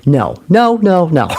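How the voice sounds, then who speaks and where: A man hosting a recovery livestream in casual talk, animated, laughing often and answering his own questions. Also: sits high.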